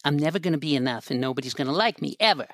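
A man voicing the personified worry of a child in a parenting role-play, ranting fast and bitterly about being unliked. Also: fairly high pitch, expressive, fairly bright tone, no echo, studio quality. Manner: rapid, relentless, bitter rant. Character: fast-talking personified worry, harsh and gloomy.

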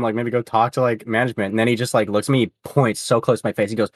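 A man's voice: mid-range voice, fairly even intonation, fast, no echo. Casual young man telling a story. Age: young adult. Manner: rambling, profane, lots of fillers. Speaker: podcast co-host.

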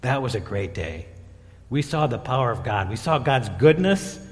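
Animated preacher in a reverberant hall. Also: male voice, medium pitch, normal speed. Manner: animated storytelling, voicing biblical characters. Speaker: pastor. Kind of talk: sermon.

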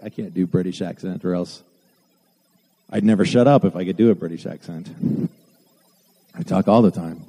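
A pastor preaches a sermon to his congregation, earnest but tossing in self-deprecating asides. His voice is warm and on the low side, his pace fairly quick, and the room carries a long hall reverb.

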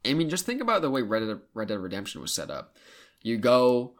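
A man hosting a podcast, chatting casually and eagerly, often pausing to hunt for the right word. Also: mid-range voice, big pitch swings. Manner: enthusiastic, searching for words mid-sentence. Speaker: podcast host. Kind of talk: casual chat about video games.

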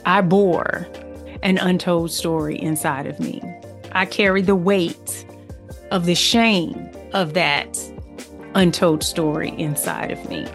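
A woman hosting a faith podcast, sharing her testimony and reading scripture with an earnest, preaching delivery that grows fervent. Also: lowish voice. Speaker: podcast host.

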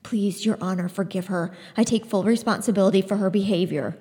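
A desperate father hurries through his pleas, as a woman reading aloud gives him voice. The delivery stays close to the narrator's own tone, only quicker. A long hall reverb follows each line. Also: medium pitch, fairly even intonation, mellow, lightly acted. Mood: pleading.

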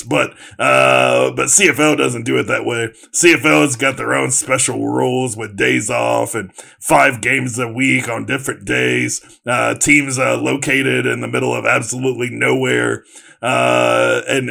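Gravelly, sarcastic man riffing on sports. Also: mid-range voice, level tone, measured pace, sharp tone. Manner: rambling, sarcastic, lots of fillers. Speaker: podcast co-host. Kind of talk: casual sports chat.

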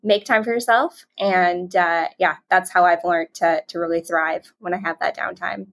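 A woman's voice: on the low side, steady tone, moderate pace, vocal fry. A woman speaking as a podcast guest in a casual, upbeat way. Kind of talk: casual interview talk.

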